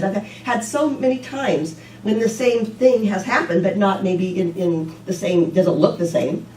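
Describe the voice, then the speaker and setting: Woman minister, informal sermon, talky and animated, heard from a distance in a roomy hall with a faint hum. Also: a little high. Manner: conversational, repeats "you know", animated when telling stories. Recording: echoey room, mic at a distance.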